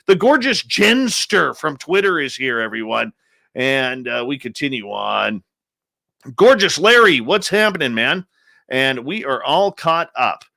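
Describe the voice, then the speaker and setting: A man hosting a live radio show, greeting listeners one after another in a playful, upbeat manner with drawn-out announcer emphasis. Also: medium pitch, big pitch swings, creaky, bright, forceful tone, no room sound. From Canada. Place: home studio in British Columbia.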